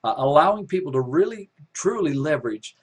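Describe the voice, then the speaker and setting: A man's voice: a little high, expressive, a little fast, slightly rough. Man presenting a business opportunity on a webinar, upbeat and salesy, full of fillers and restarts. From Canada. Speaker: company developer presenting a webinar.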